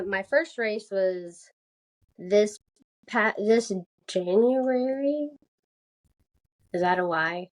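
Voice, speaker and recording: A young woman from the American South chatting casually as a podcast guest, laughing often and filling her speech with "like". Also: mid-range voice. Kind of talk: casual interview chat.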